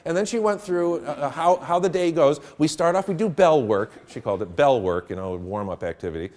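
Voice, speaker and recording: A man's voice: fairly high pitch, animated, brisk, few pauses, darkish tone. Middle-aged guy running a teacher workshop, voice swings up and down a lot, chatty storyteller who laughs at his own jokes. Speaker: teacher trainer. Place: room with a live audience.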